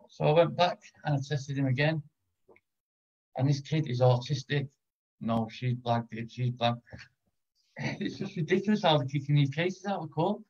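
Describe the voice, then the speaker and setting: A man's voice: fairly high pitch, moderate pace, long pauses. Man, British accent, blunt and frustrated, swears a lot, slightly dull audio. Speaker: guest, ex-convict. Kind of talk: casual interview.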